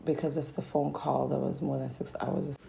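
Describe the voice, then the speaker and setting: A woman's voice: a bass voice, level tone, a little fast, gravelly, warm tone, a little hiss or hum, low-quality recording. A young woman vlogging a casual, meandering life update, her throat sore and strained from talking. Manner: meandering, reflective, trailing off.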